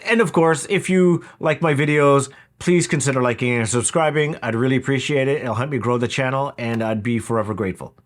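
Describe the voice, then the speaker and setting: A man's voice: medium pitch, fairly quick, few pauses. Casual, wry man reviewing gear. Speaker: audio equipment reviewer. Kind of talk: product review narration.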